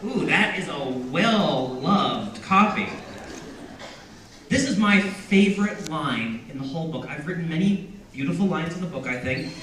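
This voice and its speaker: A man with a bright, fairly high voice, playful and self-deprecating as he jokes and laughs with a crowd. He is heard from a distance, and the sound rings around a big echoing room. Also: lively intonation, unhurried, slight background noise. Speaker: author at a book signing. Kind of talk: reading excerpts and chatting with a crowd. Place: large indoor bookstore. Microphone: audience camera from a distance. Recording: echoey room, recorded from afar.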